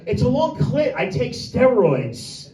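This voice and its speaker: A man's voice: very high-pitched, wildly swooping pitch, slow, dark tone. A male stand-up comedian rehearsing his set in a small room with a handful of people, rambling in a crude way and teasing audience members by name. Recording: echoey room, voice from far off.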